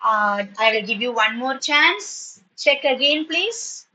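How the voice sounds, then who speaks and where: A woman's voice: high voice, expressive, takes it slowly, sharp tone, poor audio. A woman teacher, running a spoken class patiently and praising students often, sometimes switching into to explain. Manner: switches into Tamil when explaining. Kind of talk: online spoken English class.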